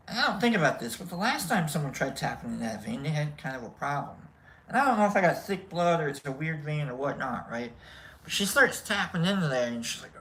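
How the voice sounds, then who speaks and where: A man's voice: on the high side, sing-song, a little fast, bright, forceful tone, rough recording. A man hosting a casual livestream, telling a rambling, self-deprecating story with jokes. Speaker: livestream host.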